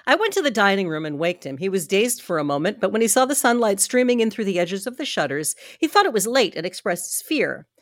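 A woman hosting a podcast, reading a novel aloud at home in steady narration, with small stumbles and asides. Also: mid-range voice, fast, hardly any pauses, no echo, studio quality.

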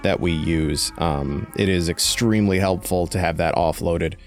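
A young man hosting a podcast, reading announcements and shoutouts in a relaxed, sleepy, joking way. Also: sits low, normal speed, soft background music. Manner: relaxed, self-described sleepy voice, jokey. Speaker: podcast host. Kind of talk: casual podcast chat and announcements.

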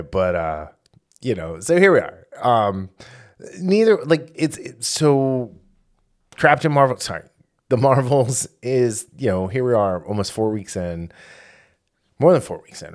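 A man co-hosting a casual podcast, reading out box-office figures with many fillers and quick self-corrections. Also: mid-range voice, very animated. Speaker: podcast co-host.

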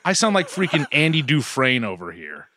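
A man's voice: mid-range voice, huge pitch swings, moderate pace, very noisy. A man co-hosting a podcast, joking around in casual chat and asking playful questions. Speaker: podcast co-host.

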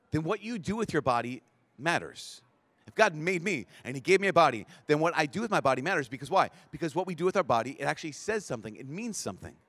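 A man's voice: on the high side, no echo. A man, a priest giving a talk at a large event, telling stories and acting out the people in them, often restarting his sentences. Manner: animated storytelling, acts out quoted people; stumbling restarts when excited. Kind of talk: conference talk to a live audience.

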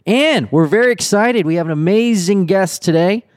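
A man's voice: sits high, animated, moderate pace. A man co-hosting a podcast in casual chat, friendly as he runs through the episode details. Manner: friendly, runs the rundown, some restarts. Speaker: podcast co-host.

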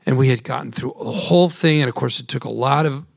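A man's voice: medium pitch, fast talker, creaky, no echo, studio quality. A man actor on a panel, talking reflectively and thinking aloud about his work. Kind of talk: panel conversation.

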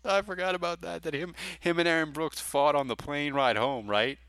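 A man's voice: fairly high pitch, steady tone, normal speed, a loud crowd. A man co-hosting a casual sports podcast, blunt and jokey, laughing often. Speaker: podcast co-host.

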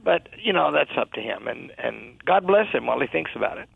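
A male college president as a radio guest, speaking in a halting, hesitant way with many fillers. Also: mid-range voice, sing-song, vocal fry, slightly rough, no echo. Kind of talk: radio interview. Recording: phone-line audio.

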